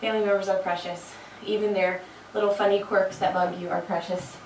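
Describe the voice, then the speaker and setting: A chatty woman fitness instructor counts reps, tossing encouraging asides between them. Her mid-range voice is steady, a little fast and slightly mellow, with a frog in her throat. The recording is echoey with a distant mic and slight background noise.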